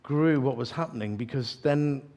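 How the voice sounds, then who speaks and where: A man's voice: medium pitch, moderate pace, warm tone. Male preacher, story-led sermon, self-mocking and chatty, lots of false starts. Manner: chatty, self-deprecating humor, frequent restarts. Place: church evening gathering.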